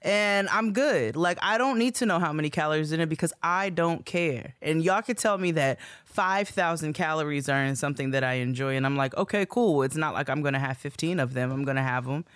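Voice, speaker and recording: A woman's voice: deep voice, a little fast, hardly any pauses, dry recording, clean studio sound. A woman co-hosting a casual podcast chat with a laid-back, blunt and joking manner. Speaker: podcast co-host.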